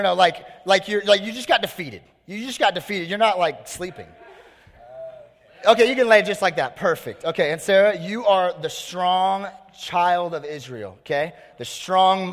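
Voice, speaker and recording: A man delivers a youth sermon in a casual, slangy and energetic way. His voice sits a little high. The sound carries a long reverb from a large hall. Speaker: youth pastor.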